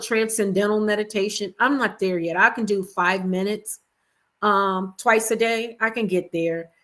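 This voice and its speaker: A woman hosting an evening livestream, giving chatty, expressive commentary and talking straight to her viewers. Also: mid-range voice. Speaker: livestream host. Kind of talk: casual commentary chat.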